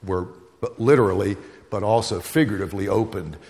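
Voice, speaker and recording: A man's voice: lowish voice, brisk, a little mellow, in a large hall. A man preaching a sermon, telling stories and hammering home repeated phrases. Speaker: pastor.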